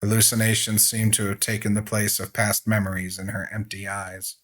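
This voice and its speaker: Male gaming host, low voice, slow measured read-aloud of game story text. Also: monotone, a bit bright.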